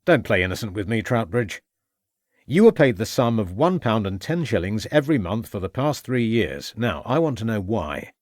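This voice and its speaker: A man's voice: fairly low pitch, very animated, normal speed, no echo, clean studio sound. A man voicing a stern police inspector who questions firmly and with threats.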